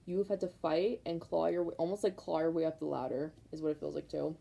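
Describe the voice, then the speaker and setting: Young woman reading tarot cards, gravelly low voice, keeps repeating herself, lots of likes. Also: a little fast, rough recording. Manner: rambling, repetitive, emphatic, many likes; excited, fired up. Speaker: tarot reader.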